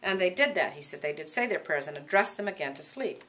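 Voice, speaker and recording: A woman teacher explaining a play to her class in an animated way, asking the class rhetorical questions. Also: sits low, quick pace.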